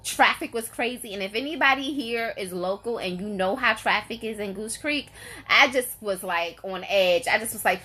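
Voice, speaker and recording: Emphatic woman with a bright voice. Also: medium pitch, moderate pace. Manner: emphatic, exasperated, repeats herself for effect. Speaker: vlogger greeting live viewers. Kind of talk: casual storytelling to a live chat.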